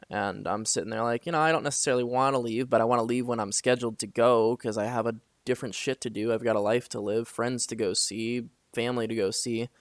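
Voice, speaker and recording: Rambling young man, smooth dry voice. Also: mid-range voice, fairly even intonation, fairly quick, dry recording. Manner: rambling, frequent fillers, swears when venting. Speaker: vlogger. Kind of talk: casual late-night storytelling to camera. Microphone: camera.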